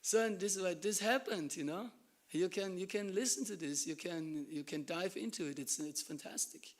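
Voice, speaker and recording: A man from Germany, giving an animated devotional class talk and dropping to hushed asides. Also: high voice, normal speed. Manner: animated storytelling, acts out dialogue, drops to hushed asides. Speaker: temple lecturer.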